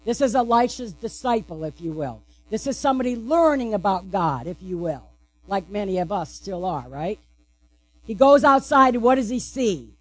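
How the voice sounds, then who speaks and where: A woman's voice: medium pitch, animated, moderate pace. A woman pastor giving a sermon, asking the congregation questions and answering them playfully.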